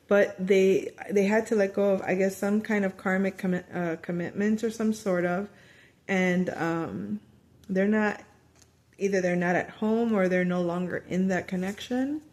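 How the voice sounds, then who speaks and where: A woman talks through a tarot reading in a loose, chatty way, jumping into quoted lines with animation. Her voice sits at an ordinary middle pitch. She often restarts sentences and fills pauses as she thinks aloud. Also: darkish tone. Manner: frequent fillers and restarts. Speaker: tarot reader. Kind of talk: casual spoken tarot reading.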